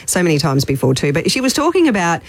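A woman co-hosting a casual chat show, talking with many fillers and pauses. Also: fairly low pitch, sing-song, no echo. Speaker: radio co-host.

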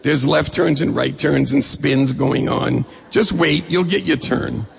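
A man quoting a calm male race-car guide who coaches a driver with encouragement. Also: medium pitch, a little slow, vocal fry, noisy background. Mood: coaching. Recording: long reverb of a hall.

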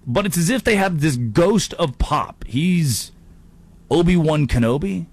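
A male sports-talk host carries the monologue with lively energy. He talks fast and loose, cracking jokes and mixing in quick mock voices between his points. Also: on the high side, slightly rough. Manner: animated, jokey, slips into mock impressions.

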